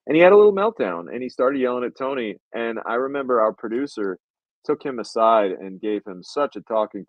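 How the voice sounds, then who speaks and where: A man's voice: on the low side, dry recording, dull audio. A man hosting a podcast, telling a behind-the-scenes story casually, with lots of swearing and acted-out quotes. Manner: animated, profane, acts out quotes. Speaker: podcast host, filmmaker.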